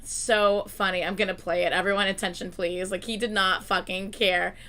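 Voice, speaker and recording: A woman's voice: medium pitch, steady tone, moderate pace, bright, forceful tone. A woman reacting on a live stream in casual chat, gushing and giggly, swearing freely.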